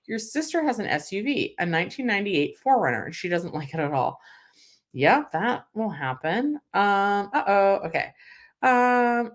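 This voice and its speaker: A young woman from California hosting a casual livestream, reading viewer comments and chatting with lots of "like" and "um" fillers. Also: on the low side. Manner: chatty, emotional, many "like" and "um" fillers.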